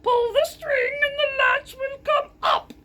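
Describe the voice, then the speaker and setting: A woman's voice: very high voice, fairly even intonation, takes it slowly, sharp tone, pitched above the performer's own voice, exaggerated voice. A woman growling as the Big Bad Wolf. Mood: sly. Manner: gruff, put-on Grover-like growl. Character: big bad male wolf, hungry and sly.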